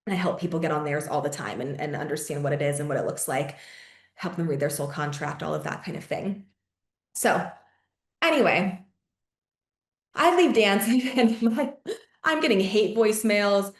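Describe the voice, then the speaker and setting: A young adult woman hosting a podcast, telling a personal story in casual chat, heavy on fillers, swearing and quick laughs. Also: on the low side, animated, reverberant. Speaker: podcast host.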